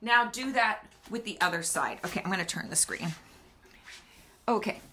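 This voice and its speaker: A middle-aged woman with a bright voice hosts a casual health vlog from her kitchen. She talks in a chatty, instructive way and counts aloud while she demonstrates balance exercises, sounding slightly out of breath. She is recorded on a camera a few steps away. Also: on the low side, expressive, brisk, slight background noise. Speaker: doctor and video host. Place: home kitchen near a counter.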